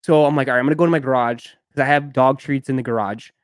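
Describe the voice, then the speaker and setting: A man's voice: medium pitch, fairly even intonation, racing, no room sound. Rambling young man, dry close sound. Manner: rambling storyteller with many fillers. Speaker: sneaker live stream host. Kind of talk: casual live stream chat.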